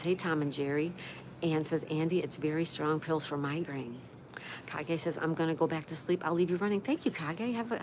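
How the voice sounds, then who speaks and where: A woman hosting a casual live stream, chatting and reading viewer comments aloud while greeting each person by name. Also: fairly low pitch. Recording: steady background noise.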